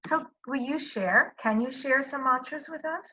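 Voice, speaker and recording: Host, woman, bright forceful voice, encouraging interviewer, dull lo-fi sound. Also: high voice, normal speed, slightly rough. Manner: encouraging, asks follow-up questions. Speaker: podcast host. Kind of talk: interview hosting.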